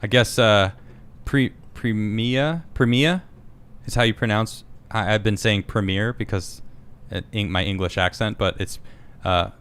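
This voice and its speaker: A man hosting a casual podcast stream, reading viewer comments aloud and reacting with quick asides. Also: fairly low pitch, fairly even intonation, a bit bright, clear, resonant tone. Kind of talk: casual live-stream chat.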